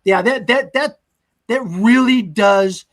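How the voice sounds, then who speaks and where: A man's voice: high-pitched, slow, fairly bright tone. A man hosting a casual movie discussion podcast, loosely recapping scenes in a chatty way. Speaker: podcast host.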